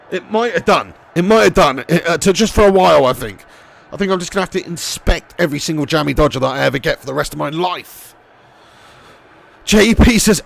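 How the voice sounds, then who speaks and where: Young male streamer, high gravelly voice, sweary excitable game commentary and chat banter. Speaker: gaming live streamer.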